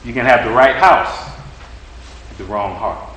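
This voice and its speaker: A man's voice: on the low side, a little slow, fairly bright tone. Emphatic preacher man in an echoey room. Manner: emphatic, repetitive preaching cadence with rhetorical questions. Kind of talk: sermon.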